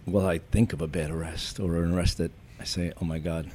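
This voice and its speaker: A retired police chief telling wry, deadpan stories from his career in an interview. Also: sits low, fairly quick. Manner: wry, deadpan anecdotes with cop jargon. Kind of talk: storytelling in a podcast interview.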